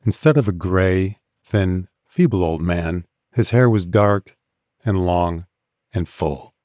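Measured male audiobook narrator, deep, mellow, dry close mic. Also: no room sound.

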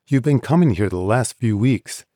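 A man's voice: medium pitch, expressive, normal speed, warm tone, dry recording, clean studio sound, pitched above the performer's own voice, lightly acted. Man doing a chatty young barmaid voice. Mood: teasing. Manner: chatty, playful. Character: friendly young woman bartender, teasing.

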